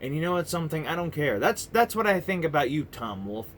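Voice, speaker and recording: A man's voice: fairly high pitch, big pitch swings, brisk, a bit bright, a little hiss or hum. A man in his thirties ranting to camera in a heated, profane, rambling monologue full of restarts. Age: 30s. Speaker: vlogger. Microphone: camera mic.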